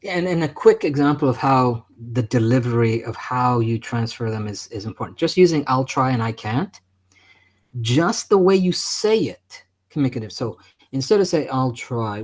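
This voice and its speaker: A man co-hosts an instructional chat. He acts out sample phrases, shifting his inflection to show how the meaning changes. His voice sits at an average pitch. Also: animated, brisk, darkish tone. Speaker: co-host. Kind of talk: instructional conversation.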